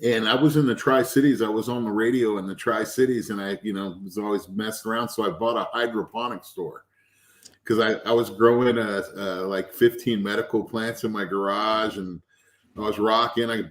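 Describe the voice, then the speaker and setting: A man who is the guest, a cannabis extract maker, telling casual stories with lively anecdotes and acting out the people he quotes. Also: on the low side, moderate pace. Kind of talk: casual storytelling.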